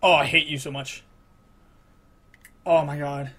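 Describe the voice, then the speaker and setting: A man with a fairly high voice talks through his gameplay and keeps breaking into exasperated groans and outbursts. A faint hiss sits under his voice, and a few clicks come through. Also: steady tone, very slow, pauses often, fairly bright tone. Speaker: gamer. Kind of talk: frustrated gameplay commentary.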